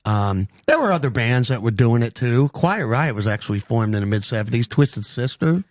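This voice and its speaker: A man's voice: medium pitch, animated, normal speed, no echo, studio quality. A middle-aged man hosting a casual podcast chat, rambling with lots of ums and restarts. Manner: rambling, many fillers and restarts. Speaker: podcast host.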